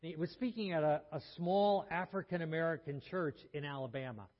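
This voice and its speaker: Male pastor, earnest sermon delivery, slightly higher voice, dull recording. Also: a little fast. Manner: earnest storytelling with frequent restarts. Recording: muffled sound in a reverberant hall.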